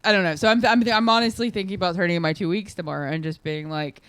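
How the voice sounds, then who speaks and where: A young woman co-hosting a casual podcast, blunt and quick to swear. She laughs easily between complaints. The recording is dry and close, with no room sound. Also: lowish voice, a bit bright, smooth, no room sound. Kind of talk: casual chat.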